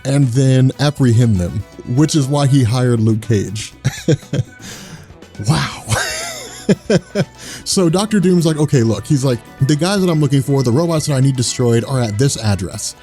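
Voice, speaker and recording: Mellow-voiced man retelling a story. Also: medium pitch, unhurried, soft background music. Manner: laughing, rambling retelling of a comic plot. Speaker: host. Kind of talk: casual storytelling chat.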